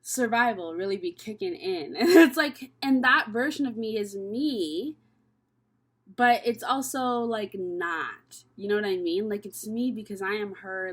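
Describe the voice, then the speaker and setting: A young woman from Canada talks through a tarot spread in a loose, chatty way, swearing freely as she thinks aloud. Her voice sits at a middle pitch for a woman. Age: young adult. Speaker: tarot reader. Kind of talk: casual tarot reading vlog.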